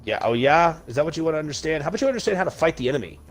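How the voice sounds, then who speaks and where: A man's voice: on the high side, lively intonation, very fast, soft background music. A young man hosting a podcast, ranting heatedly with emphatic insults while chatting casually over a video game. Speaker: podcast host.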